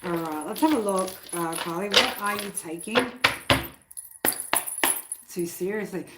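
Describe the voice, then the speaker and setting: A woman's voice: medium pitch, unhurried, long pauses. Swearing, chatty woman on a live stream. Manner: loose and chatty, swears freely, breaks off to scold her cats. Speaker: tarot reader hosting a live stream. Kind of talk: casual live-stream chat. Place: home with cats in the room. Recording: steady background noise. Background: noise and cats.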